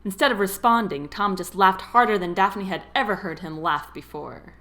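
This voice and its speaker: A woman narrating a romance novel as an audiobook, with expressive storytelling. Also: mid-range voice, normal speed. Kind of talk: scripted narration.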